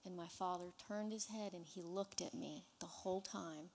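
A woman giving an earnest personal testimony in church, telling her story in an unhurried way. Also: lowish voice, a little mellow, big-room sound, slight background noise.

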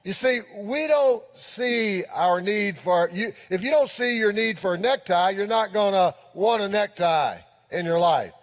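A man's voice: high-pitched, expressive, a little slow, hardly any pauses. A pastor preaching a sermon in church, emphatic and often repeating his key phrases. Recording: long reverb in a church hall.

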